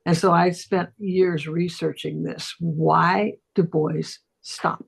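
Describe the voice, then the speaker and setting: A middle-aged woman with a gravelly, husky voice tells a story in a casual conversation. She is a voice teacher, and she acts out each quoted line with big swoops up and down in pitch. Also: fairly even intonation, slow. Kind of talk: casual storytelling on a talk stream.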